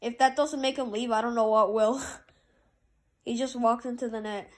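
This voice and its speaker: A woman with a high, bright voice calls her hockey video game as she plays. She talks casually through passes and shots, then bursts into loud cheers when a goal goes in. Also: moderate pace. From Canada. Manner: excitable play-by-play, jumps to loud high cheers at goals. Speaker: gamer. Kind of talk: commentating own hockey video game play.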